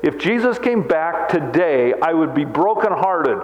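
A man in his sixties preaching a sermon as pastor, animated and self-mocking, with quick jokes. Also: fairly high pitch. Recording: echoey hall, dull lo-fi sound.

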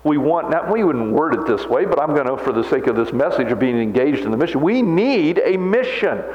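A man in his sixties preaching a sermon as pastor, animated and self-mocking, with quick jokes. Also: on the high side. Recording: echoey hall, dull lo-fi sound.

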